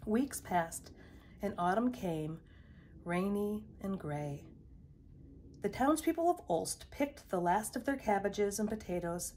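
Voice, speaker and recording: A woman reading a children's picture book aloud in a measured storytelling voice. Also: medium pitch, animated, darkish tone. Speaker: storybook reader.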